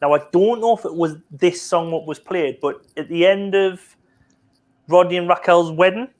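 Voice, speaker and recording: A man's voice: high-pitched, moderate pace. A man in his forties hosting a casual live-stream chat, joking and teasing his guests. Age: 40s. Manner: jokey, teasing. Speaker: host.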